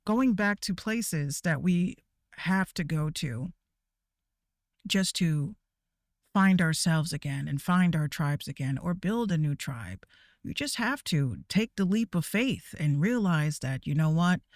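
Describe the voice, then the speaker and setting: A woman's voice: low voice, animated, measured pace, a little mellow, no room sound, clean studio sound. A woman VTuber ranting casually to her viewers, profane and rambling, with stammering restarts. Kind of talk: casual rant.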